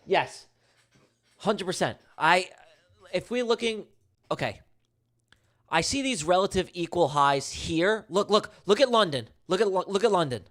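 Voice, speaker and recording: A man's voice: high-pitched, lively intonation, measured pace, pauses often, fairly bright tone. A man streaming his live day trading, talking casually and emphatically to his chat with slangy, repetitive banter and jokes. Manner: slangy, emphatic, repeats himself; jokey banter with viewers.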